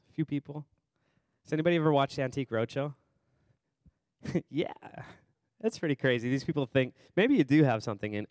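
A pastor preaches a sermon at a church service in a mid-range, darkish voice, and the recording is dry. His style is chatty and conversational, quizzing congregants by name and repeating phrases for emphasis.

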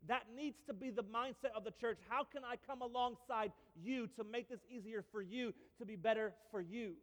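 A male pastor giving a sermon in a church, telling stories with lively humor and repeated phrases. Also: very high voice, moderate pace, long reverb tail. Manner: animated storytelling with repeats and humor.

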